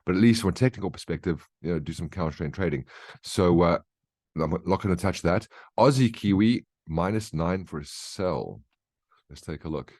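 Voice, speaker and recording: This trading educator, low-voiced and darkish in tone, gives an animated market briefing over charts at a moderate pace. He stays conversational, explaining his reasoning and often checking in with "right?" and "okay?". It's studio quality with no room sound.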